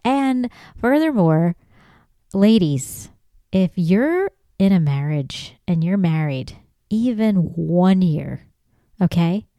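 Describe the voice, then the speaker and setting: A woman hosting a podcast alone, ranting in a casual, profane way, getting loud and emphatic as she goes. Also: on the low side, lively intonation, slow, dry recording, studio quality. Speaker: podcast host. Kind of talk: casual solo monologue.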